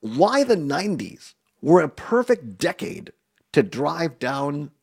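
A man's voice: fairly high pitch, sing-song, slow pace, vocal fry, a little mellow, breathy edge. A man hosting a casual radio chat, chatty, interjecting and laughing often. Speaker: radio host.

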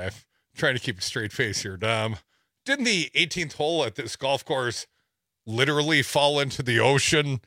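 Wry, lively talk radio man. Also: medium pitch, moderate pace, no echo, studio quality. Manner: wry, laughs while reading. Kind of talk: sarcastic news commentary. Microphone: studio microphone.

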